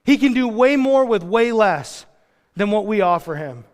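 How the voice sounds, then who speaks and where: A man's voice: sits high, expressive, moderate pace, in a large hall. A male pastor preaching a sermon in a casual, joking manner, full of slangy asides. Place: church.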